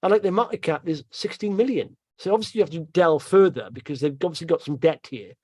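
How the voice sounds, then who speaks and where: A man's voice: on the high side, fast, breathy edge, no echo. Chatty man, dry close sound. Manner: chatty, rambling, laughs to himself, trails off quietly. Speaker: market commentary host. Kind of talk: casual market commentary over charts.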